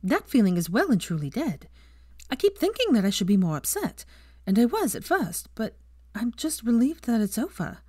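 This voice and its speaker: A woman doing a soft, wistful young witch. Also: a little high, very animated, normal speed, slightly rough, dry recording, clean studio sound, pitched above the performer's own voice.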